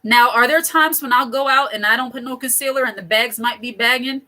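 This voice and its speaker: Middle-aged woman host, chatty and digressive, bright higher voice, casual advice to camera. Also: brisk, low-quality recording. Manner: chatty, digressive, laughs often. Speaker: channel host.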